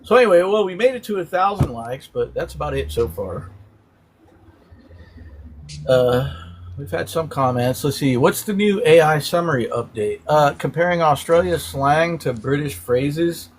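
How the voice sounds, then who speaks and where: A man's voice: fairly high pitch, lively intonation, normal speed, a little hiss or hum. A man hosting a casual live stream, animatedly explaining slang terms one by one and laughing often.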